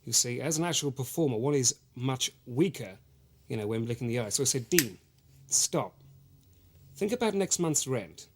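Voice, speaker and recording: A man acting out a pompous male luvvie actor who lectures about his craft. He speaks mid-pitch, with a condescending tone and lots of hesitant ums. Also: lively intonation, moderate pace, slight background noise, lightly acted. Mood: self-satisfied. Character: self-important male actor, luvvie know-it-all. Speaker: actor being interviewed. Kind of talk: mock documentary interview.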